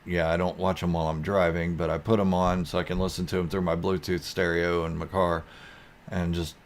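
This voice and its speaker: A man with a low voice hosts a relaxed live stream. He reads viewer comments aloud and rambles through them in a goofy, easygoing way. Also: brisk.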